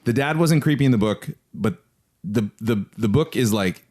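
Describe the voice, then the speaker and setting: Male co-host, jokey commentary chatter, lively pitch. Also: normal speed. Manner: joking, puts on silly voices. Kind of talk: casual comedic chat.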